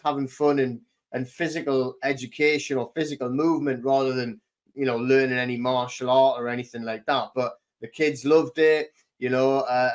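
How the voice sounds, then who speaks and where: A man's voice: medium pitch, darkish tone. A middle-aged man hosting a podcast, chatting casually and hesitantly with lots of fillers. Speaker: podcast host. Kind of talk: casual chat.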